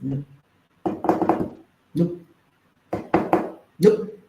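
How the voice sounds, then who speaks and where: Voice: mid-range voice, a little slow, roomy sound, noisy background. A marriage and intimacy coach, speaking to an audience, emphatic and repeating phrases, firing off rhetorical questions.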